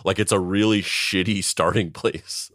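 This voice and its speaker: A man's voice: low voice, fairly even intonation, measured pace, fairly bright tone, no echo, clean studio sound. A man co-hosting a podcast in casual chat, rambling and blunt, swearing now and then. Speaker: podcast co-host.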